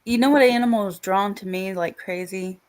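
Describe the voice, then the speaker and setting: A woman hosting a stream, chatting casually and telling slow, relaxed stories on a video call. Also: mid-range voice. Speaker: stream host. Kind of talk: casual chat.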